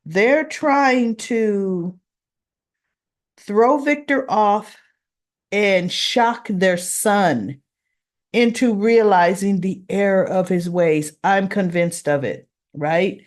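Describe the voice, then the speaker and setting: A woman hosting a casual soap opera recap, animated and acting out the characters' lines. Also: medium pitch, very slow.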